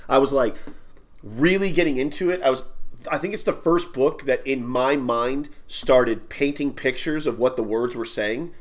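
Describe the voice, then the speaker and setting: A man's voice: medium pitch, moderate pace. A man co-hosting a podcast, telling a long childhood story in loose, rambling casual chat and swearing along the way. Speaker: podcast co-host.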